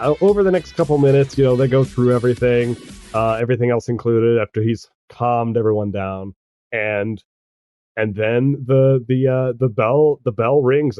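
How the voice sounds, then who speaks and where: Halting male game master. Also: medium pitch, darkish tone, no room sound, studio quality. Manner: halting, full of restarts and chuckles. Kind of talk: narrating a tabletop game.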